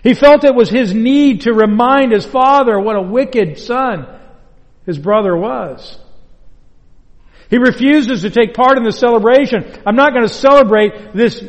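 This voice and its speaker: A man preaching a sermon as pastor, earnest and deliberate, stressing his points through repetition. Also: extremely high pitch. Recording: long hall reverb.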